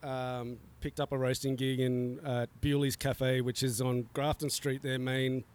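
A man's voice: mid-range voice, level tone, measured pace, a little mellow, a little hiss or hum. A middle-aged man, a coffee roaster, talking in a laid-back way with frequent chuckles and fillers on a casual podcast recorded outdoors.

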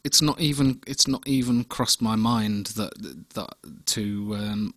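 A man's voice: lowish voice, unhurried, few pauses, fairly bright tone, no echo, clean studio sound. A man co-hosting a casual podcast chat, laughing easily and stumbling over restarts. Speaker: podcast co-host.

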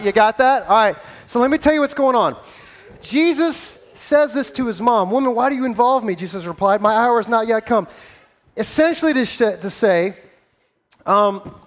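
High-voiced playful man on stage. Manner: playful and energetic, coaching volunteers. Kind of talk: interactive Bible story with volunteers. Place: stage before a live audience.

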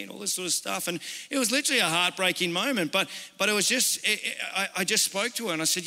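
Australian male pastor, earnest, chatty sermon delivery, bright voice, echoing church hall. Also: sits high, a little fast. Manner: earnest, conversational, personal storytelling. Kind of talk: informal sermon. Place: church service.

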